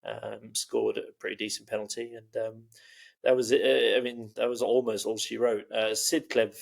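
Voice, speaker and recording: A man with a gravelly, low, rambling voice. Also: little pitch movement, normal speed. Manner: rambling, jokey, heavy on fillers. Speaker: podcast co-host. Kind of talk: casual football chat.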